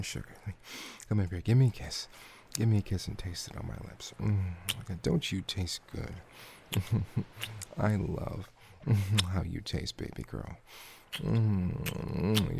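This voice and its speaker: A man doing intimate audio role-play, murmuring softly with frequent hums and sighs. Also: low voice, gravelly, background noise.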